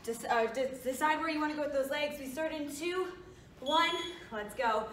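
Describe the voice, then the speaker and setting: A woman leading a workout in a high voice, still out of breath as she gives encouraging form cues. She is recorded in an echoey studio, some distance from the mic, with faint background hiss. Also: moderate pace, fairly bright tone. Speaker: fitness coach. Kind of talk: workout instruction.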